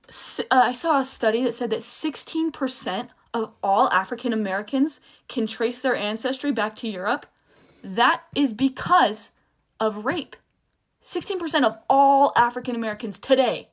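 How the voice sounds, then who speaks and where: A young woman ranting angrily to camera, swearing often and breaking off mid-sentence. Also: a little high. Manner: angry, swearing often, emphatic; restarts and trails off while upset. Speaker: social media creator. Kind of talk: heated rant to camera.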